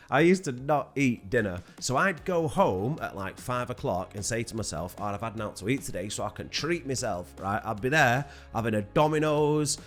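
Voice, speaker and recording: A man chats straight to camera in a lively, swinging voice, tossing in swear words and quick laughs. A faint bed of music sits underneath him. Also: medium pitch. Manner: animated, swearing, laughing often. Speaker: weight loss vlogger. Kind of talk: casual chat to camera.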